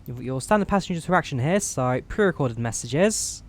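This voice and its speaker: A man from the UK giving relaxed, chatty commentary while flying a flight simulator, explaining each menu as he clicks through it on a headset mic. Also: medium pitch, brisk. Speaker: flight sim streamer. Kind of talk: casual gameplay commentary.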